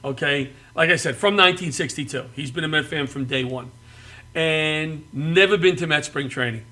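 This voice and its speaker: A middle-aged man from the New York area telling comic family stories, animated and often laughing and yelling. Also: a little high, moderate pace. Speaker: guest comedian. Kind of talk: comic storytelling.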